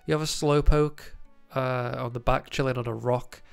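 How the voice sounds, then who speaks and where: A man with a stuffy, nasal voice from a cold chats through collecting news as the host of his own channel. His voice is gravelly and sits at an average pitch, and he fills the gaps with ums and uhs. Soft music plays quietly underneath. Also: fairly even intonation, moderate pace. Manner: chatty, lots of ums and uhs. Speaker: trading card news host. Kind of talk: casual commentary to camera.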